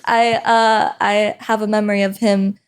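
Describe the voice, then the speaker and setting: A young woman, a professional wrestler, telling stories in a casual interview with an animated, laughing manner. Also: mid-range voice, measured pace, smooth. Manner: animated, laughing often, acts out voices in stories. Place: indoor interview set.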